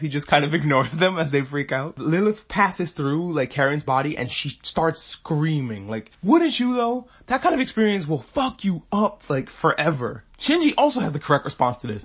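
A man hosting a podcast, recapping an anime film in casual, animated talk and briefly acting out characters' lines. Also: fairly high pitch, husky. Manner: animated, acts out characters' lines in quick asides, swears casually. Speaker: podcast host. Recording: dull lo-fi podcast audio.

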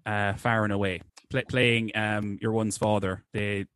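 Rambling man, low voice. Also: flat delivery, measured pace, a bit bright, smooth, no room sound. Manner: rambling, with many restarts and fillers. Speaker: podcast co-host. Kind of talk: casual chat.

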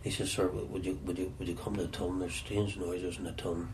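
A Northern Irish man telling stories from his past in an interview, often halting and repeating words as he searches for them. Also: deep voice, level tone, darkish tone, a little hiss or hum. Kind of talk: reflective storytelling.

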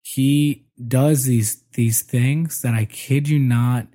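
A man in his thirties telling family stories in casual, animated conversation, swearing freely. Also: medium pitch, slow pace. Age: 30s.

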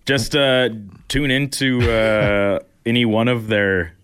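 A man's voice: mid-range voice, slow, a bit bright, smooth. A man co-hosting a radio show, hesitant with many fillers and a teasing tone. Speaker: radio co-host. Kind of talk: casual radio banter.

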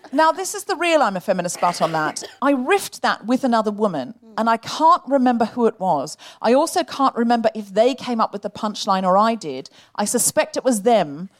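Woman cohost on a comedy podcast, kinda high voice, dry wordy jokes. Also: sing-song, a little fast, few pauses. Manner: wry, riffs in long elaborate sentences. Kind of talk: comedic chat before a live audience.

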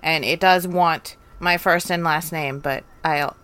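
Brief: thirties woman co-host from Oregon, lowish smooth voice, wry asides. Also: steady tone, a little slow, a bit bright. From Oregon, USA. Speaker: podcast co-host. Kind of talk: casual chat.

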